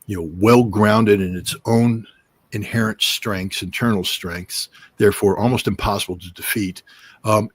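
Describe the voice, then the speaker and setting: A man's voice: on the low side, slightly rough, dry recording. A middle-aged man giving emphatic political commentary on a livestream, hammering points with repetition and mocking quotes of officials.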